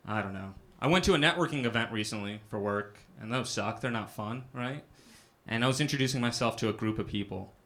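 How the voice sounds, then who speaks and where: Bright-voiced young man doing stand-up. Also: mid-range voice. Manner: self-deprecating, asks "right?" after punchlines. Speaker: stand-up comedian. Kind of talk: stand-up set. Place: comedy club stage with a live audience.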